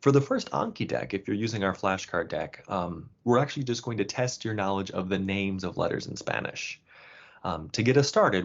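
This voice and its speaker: A man explaining pronunciation as a course instructor, in a relaxed, casual way. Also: on the low side, gravelly. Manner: casual, with fillers and restarts. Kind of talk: explanatory lesson narration. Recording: dull lo-fi sound.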